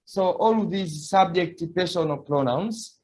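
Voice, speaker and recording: A man's voice: high voice, unhurried, darkish tone. A man teaching a beginner language lesson, patiently repeating words for students to echo. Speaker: French teacher.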